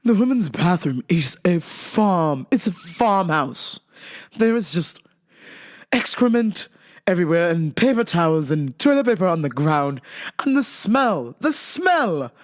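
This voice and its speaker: A woman's voice: on the low side, sing-song, unhurried. A woman voicing a flamboyant, fussy older woman customer who calls everyone darling and talks dramatically. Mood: dramatic.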